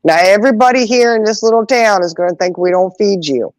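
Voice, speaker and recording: Animated woman telling stories. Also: mid-range voice, dry recording, poor audio. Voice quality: animated, acts out voices in quotes. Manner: laughs often, drawn-out exclamations. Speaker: podcast host. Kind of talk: casual chat, storytelling.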